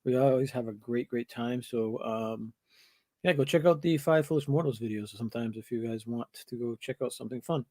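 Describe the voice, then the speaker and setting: A man co-hosting a casual live stream, chatting in a relaxed, rambling way and plugging other channels. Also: medium pitch, fairly quick, dry recording, studio quality.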